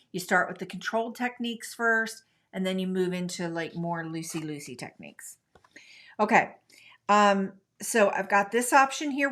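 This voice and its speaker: Coloring on a live craft stream, a middle-aged American host keeps up friendly, chatty commentary for her viewers. She has a medium-pitched, slightly bright voice.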